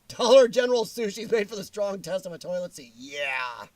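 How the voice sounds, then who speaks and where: A man's voice: sits high, big pitch swings, normal speed, dry recording. A man hosting a casual livestream chat, rambling and blunt, joking as he reads viewer comments. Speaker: livestream host.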